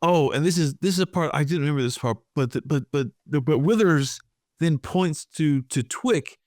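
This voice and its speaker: Slightly high-voiced man, dry sound. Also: a little mellow, no room sound. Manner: halting, filler-heavy retelling. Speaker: podcast co-host. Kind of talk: casual comics discussion.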